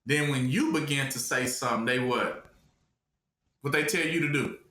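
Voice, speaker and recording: A man's voice: medium pitch, moderate pace, bright, forceful tone, roomy sound. A man preaching a sermon, emphatic, with call-and-response questions to his listeners.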